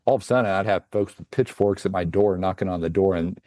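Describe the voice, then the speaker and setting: A man talking as a franchise consultant guest on a podcast, giving measured advice. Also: low voice, dark tone, dry recording. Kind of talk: podcast interview.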